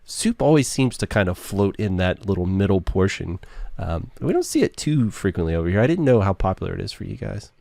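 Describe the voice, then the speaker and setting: A man's voice: low voice, sing-song, fairly quick, creaky, mellow, no echo. A man hosting a podcast, chatting in a laid-back way and laughing easily. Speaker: podcast host. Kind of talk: casual chat.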